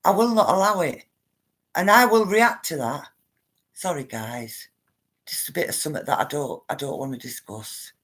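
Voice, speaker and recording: A woman's voice: deep voice, lively intonation, moderate pace, husky. A woman, talking straight to her viewers on a casual live stream and reading out their comments in a blunt, emphatic way. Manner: blunt, emphatic, repeats herself for stress; addresses viewers directly.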